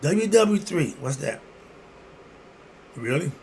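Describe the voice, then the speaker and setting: A man giving an emphatic, preachy commentary monologue, firing off rhetorical questions and breaking into sudden loud bursts. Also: medium pitch, expressive, moderate pace, vocal fry.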